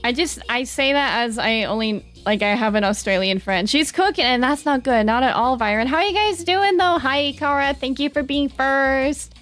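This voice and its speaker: A young Southern American woman talks to her stream chat at a desk mic. Her voice sits fairly high and swings up dramatically when she gets excited. She is bubbly and chatty, with faint music playing underneath. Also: moderate pace, hardly any pauses. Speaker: VTuber streamer reading chat. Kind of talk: casual live-stream chat.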